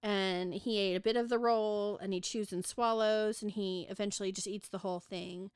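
A woman's voice: mid-range voice, fairly even intonation, moderate pace, clean tone, no room sound, studio quality. A woman co-hosting a book podcast, casually retelling a novel's ending and reading passages aloud, with lots of "like" and "um". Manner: chatty, retells the plot with many "like" and "um".

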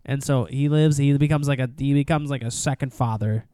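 Male podcast co-host, casual recap, mid-pitched, swears freely, dry studio sound. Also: brisk, clean tone, no echo. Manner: animated retelling, acts out characters, swears often. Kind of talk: casual movie recap chat.

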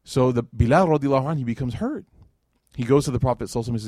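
Animated man giving a lecture. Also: medium pitch, racing, no echo, clean studio sound. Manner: animated storytelling, casual slang and fillers. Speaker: Islamic lecturer. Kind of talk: religious lecture to a live audience.

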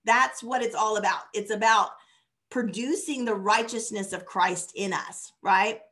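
A woman's voice: medium pitch, unhurried, fairly bright tone. Conversational woman teaching scripture. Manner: conversational, with fillers and laughs. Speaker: bible teacher. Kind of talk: informal sermon teaching.

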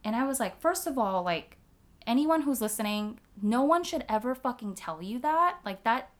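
A woman's voice: fairly high pitch, animated, normal speed. Woman just talking it out, lots of likes, swears a bunch, super candid chat. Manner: frank, swears freely, many "like" fillers; emotional personal storytelling. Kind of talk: candid casual conversation.

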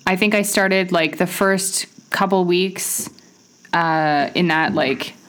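A woman co-hosting a podcast, chatting casually in a warm, encouraging way. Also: on the low side, takes it slowly. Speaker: podcast co-host.

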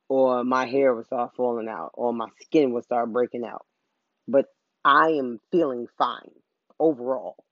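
A man speaks casually and at length about himself, wandering between thoughts and undercutting them with jokes at his own expense. His voice sits at a middle pitch. The recording is dull and muffled, with a dry, close sound. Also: no room sound. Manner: casual, rambling, self-deprecating humor. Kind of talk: candid personal monologue.

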